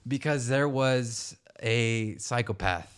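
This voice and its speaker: A young adult man co-hosting a podcast, telling a story in a relaxed, casual way, laughing often and swearing freely. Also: medium pitch, takes it slowly, smooth. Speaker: podcast co-host. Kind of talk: casual chat.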